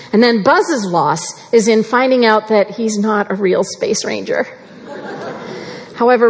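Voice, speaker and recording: A woman's voice: mid-range voice, a little mellow, slightly rough. Woman preaching in an echoing hall. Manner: measured, earnest preaching with slow emphatic phrases. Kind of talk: sermon. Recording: long reverb of a large hall.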